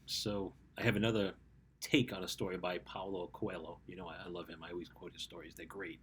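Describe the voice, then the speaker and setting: A man's voice: deep voice, little pitch movement, a little fast, a bit bright, breathy edge. A man, a life coach for teens, telling a parable and then giving conversational motivational advice, often checking in with "right?". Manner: conversational, keeps asking "right?". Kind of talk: motivational storytelling talk.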